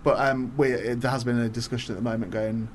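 Fast-talking northern English man. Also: mid-range voice, fairly even intonation, slight background noise. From Northwest England. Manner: rambling, self-interrupting, laughs often. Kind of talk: casual chat.

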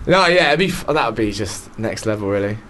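A man's voice: lowish voice, animated, brisk, a bit bright, slight background noise. Easygoing male actor guest on radio. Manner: easygoing, frequent "yeah, yeah" and trailing off. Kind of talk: casual radio interview. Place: radio studio. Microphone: studio microphone.

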